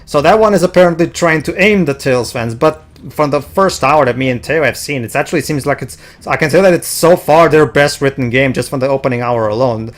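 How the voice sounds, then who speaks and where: A man talking through a game session in a loose, rambling way, often stumbling and restarting. His voice sits at an ordinary middle pitch. He gets worked up about the games he likes. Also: a little fast, few pauses. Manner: rambling, restarts a lot, excitable. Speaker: let's play commentator. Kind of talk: casual gaming chat.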